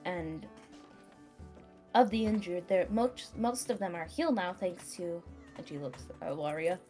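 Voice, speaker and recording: Soft-spoken woman narrating her character. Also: fairly low pitch, soft background music. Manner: soft, polite, gently halting. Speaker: tabletop game player.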